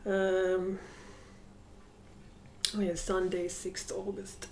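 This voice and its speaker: A woman's voice: lowish voice, completely flat delivery, extremely slow, a little mellow, slight background noise. A woman talking casually to a camera set up across a room at home, reflective and rambling, with many hesitations. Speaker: vlogger. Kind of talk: casual vlog monologue.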